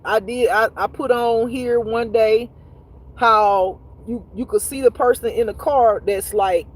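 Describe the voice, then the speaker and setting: Husky woman on a spiritual livestream, cussing and laughing, chatting straight to her viewers. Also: a little high, unhurried, low-quality recording. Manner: animated, profane storytelling with frequent laughs; talks straight to viewers, reads comments aloud. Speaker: intuitive spiritual teacher. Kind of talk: casual livestream monologue.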